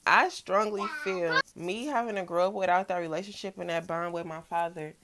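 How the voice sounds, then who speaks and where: A young woman, talking in a casual, reflective vlog, soft-spoken and relaxed. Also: fairly low pitch, a little fast, very noisy. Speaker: vlogger. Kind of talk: personal reflective vlog talk.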